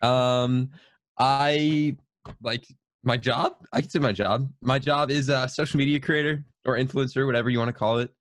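A man's voice: mid-range voice, fairly even intonation, moderate pace, no room sound. Hesitant, modest young man. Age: 20s. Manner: modest, hesitant, with many fillers. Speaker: podcast guest. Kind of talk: casual podcast chat.

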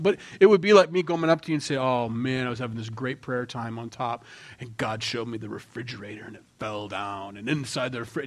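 A man preaching a sermon with a mid-range voice. He talks in a relaxed, conversational way and acts out quoted voices, swinging between loud and hushed. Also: medium pitch. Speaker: pastor.

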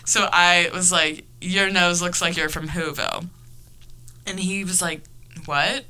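A young woman hosting a podcast, telling a story in casual chat, animated, with lots of laughter and fillers. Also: fairly low pitch, unhurried. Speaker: podcast host.

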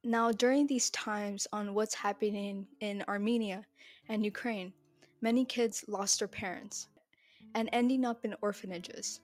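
A young woman hosting a solo podcast, talking bluntly and heatedly and swearing freely. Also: mid-range voice. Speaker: podcast host.

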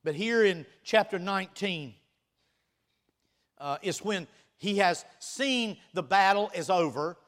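High-voiced man preaching a sermon. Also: takes it slowly. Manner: animated preaching, swinging between loud bursts and quiet asides; teasing and conversational, reading scripture aloud.

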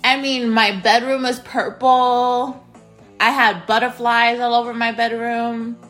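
A woman's voice: on the high side, little pitch movement, unhurried, fairly bright tone, soft background music. A woman in her thirties hosting a casual solo podcast from a spare bedroom at home. She talks straight to her listeners and repeats her phrases. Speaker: podcast host.

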